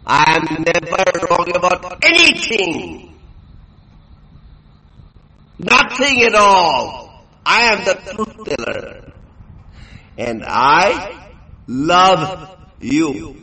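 A man's voice: sits high, sing-song, drawn-out words, long pauses, sharp tone, rough recording. A tipsy man delivers a rambling monologue. He is crude and boastful, and he stammers through many fillers. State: tipsy from drinking.

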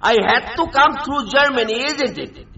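A man delivering an angry, threatening rant, shouting erratically in a dull lo-fi recording. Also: very high voice, moderate pace. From India.

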